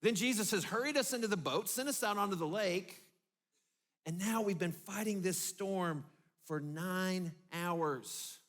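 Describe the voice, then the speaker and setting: A man preaching a sermon as pastor, telling the story vividly with dramatic pauses and dropping low for emphasis. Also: a bit bright. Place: church.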